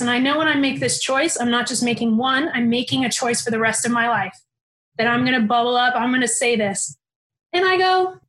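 High-voiced young woman telling a story. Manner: animated, candid, swears casually. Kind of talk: personal storytelling. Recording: roomy echo.

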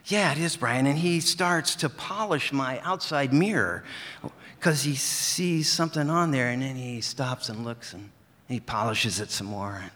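A man telling a personal story on stage, earnest and gentle. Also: medium pitch, measured pace, in a large hall. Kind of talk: live storytelling.

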